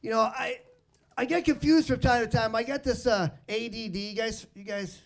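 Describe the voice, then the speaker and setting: A man's voice: very high-pitched, normal speed, gravelly, slight background noise. A man hosting a stand-up comedy show on stage, introducing comics and telling rambling self-deprecating jokes. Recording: live room with crowd laughter. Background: audience laughter.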